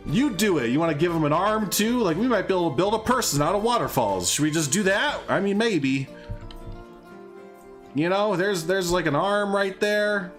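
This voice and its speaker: A man's voice: sits high, sing-song, moderate pace, soft background music. A man with a Southern US accent giving live gameplay commentary as a streamer, rambling, chuckling and poking fun at himself. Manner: rambling, chuckling, self-deprecating. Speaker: game streamer.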